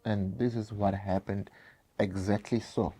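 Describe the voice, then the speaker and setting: A man's voice: on the low side, level tone, a little slow, dark tone, husky. A South African man telling a painful personal story straight to his viewers, repeating phrases and calling them guys. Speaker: vlogger.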